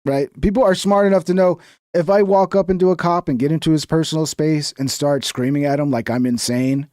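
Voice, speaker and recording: Guy ranting on his stream, kinda high voice, swears a ton, mocks people, dry close mic. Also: a little fast, warm tone, dry recording. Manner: crude, swearing, mocking impressions. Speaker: streamer reacting to clips. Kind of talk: casual live-stream commentary.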